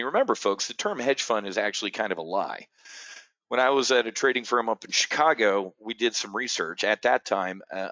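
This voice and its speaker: A man's voice: mid-range voice, fairly bright tone, no echo. A man hosting a live options-trading brief from a studio chair, talking straight to camera in brash, boastful sales patter. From United States. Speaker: trading educator. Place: indoor studio, seated facing camera.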